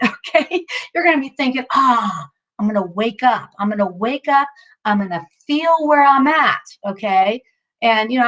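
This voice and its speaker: A woman leading a mindfulness session in a casual, upbeat, chatty way, with lots of fillers and restarts, at times out of breath. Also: on the high side. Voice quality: chatty, upbeat, self-interrupting with many fillers. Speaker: mindfulness instructor.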